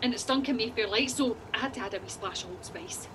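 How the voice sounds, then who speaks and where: A woman's voice: on the high side, fast talker, noisy background, lightly acted. An actress with a Scottish accent playing a flustered, tearful and snappish woman passenger in an audio drama. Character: frazzled woman passenger, nervy and defensive.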